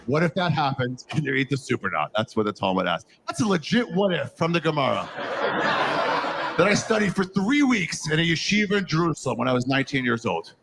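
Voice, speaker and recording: A young man doing a stand-up comedy set, telling a story with lively crowd work and swearing, recorded live on stage. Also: a little high, a little fast, noisy background.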